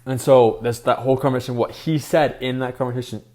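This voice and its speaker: A man's voice: mid-range voice, steady tone, fast, a little mellow. A young man co-hosting a podcast, chatting enthusiastically about a movie with hesitant restarts. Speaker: podcast co-host. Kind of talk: casual chat about a movie.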